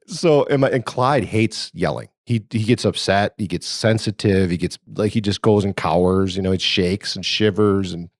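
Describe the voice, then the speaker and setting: A man's voice: lowish voice, normal speed, few pauses, no echo, studio quality. A man hosting a casual podcast, telling rambling stories and laughing as he goes, talking over a remote call. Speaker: podcast host. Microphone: remote call setup.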